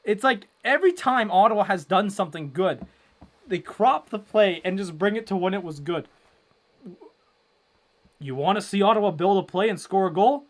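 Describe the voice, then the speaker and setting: A young man hosting a casual live hockey watchalong, rambling with lots of fillers and breaking into loud exasperation. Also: sits high, lively intonation, normal speed. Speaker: livestream watchalong host.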